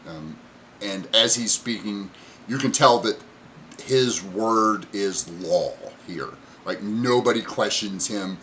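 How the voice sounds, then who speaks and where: A man's voice: lowish voice, slow, fairly bright tone, a little hiss or hum. A man narrating a tabletop game as game master, rambling with plenty of fillers.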